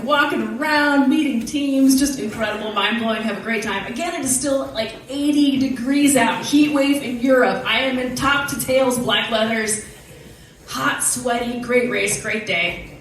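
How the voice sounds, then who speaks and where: A woman telling a story from a stage, casual, animated and profane, often laughing. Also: high voice, moderate pace, slight background noise. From United States. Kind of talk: live storytelling. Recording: very echoey hall, voice from far off.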